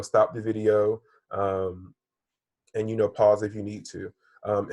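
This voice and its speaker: Soft-spoken male teacher with a husky voice. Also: on the low side, no room sound. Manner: patient, often says "friends" and "um". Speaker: third-grade teacher. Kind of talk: recorded online reading lesson.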